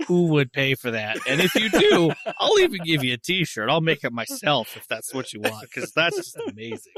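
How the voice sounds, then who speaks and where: A man's voice: a little high, wildly swooping pitch, moderate pace, a bit bright, dry recording. A man in his thirties hosting a podcast in casual chat, joking and laughing often. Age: 30s. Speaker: podcast host.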